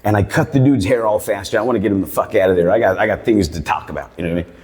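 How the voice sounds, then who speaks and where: A man's voice: lowish voice, rapid-fire, darkish tone. Rambling, profane male stand-up comedian. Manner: rambling, profane, laid-back storyteller. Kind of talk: stand-up storytelling. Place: barbershop comedy show. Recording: long reverb of a live room.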